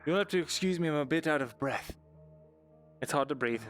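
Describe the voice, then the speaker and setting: A man's voice: medium pitch, moderate pace, soft background music, lightly acted. A man playing a dry, hesitant scribe. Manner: hesitant, many ums and uhs, dry understatement. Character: cautious male scribe, rule-bound and wry. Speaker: roleplay player. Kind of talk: live online fantasy roleplay.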